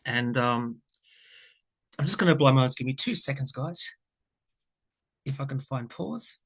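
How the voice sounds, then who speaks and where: A man's voice: medium pitch, a little slow, husky. Earnest rambling man. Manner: rambling, self-correcting, earnest and emotional. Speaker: tarot reader and vlogger. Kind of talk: casual storytelling to camera.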